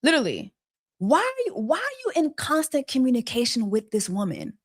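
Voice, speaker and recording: A woman with a slightly high voice hosts a casual gossip livestream. She talks with exasperation and piles on rhetorical questions. She mocks her subjects with quacking bird jokes. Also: wildly swooping pitch, moderate pace. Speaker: host of a celebrity gossip livestream.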